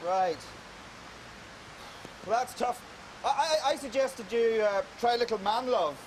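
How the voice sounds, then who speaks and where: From an outdoor public square, a Northern Irish man banters cheekily with a crowd as part of a public art piece, teasing and joking. His voice is extremely high-pitched and unhurried, on a low-quality recording with a little hiss or hum.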